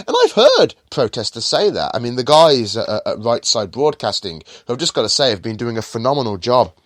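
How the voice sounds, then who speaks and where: A man hosting his own political podcast, speaking with an emphatic, indignant edge. His pitch swings widely, dipping low and jumping high to stress his points. The sound is close and dry, with no room around it. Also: big pitch swings, brisk, few pauses, no echo. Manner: emphatic, indignant ranting with rising and falling emphasis. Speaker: podcast host.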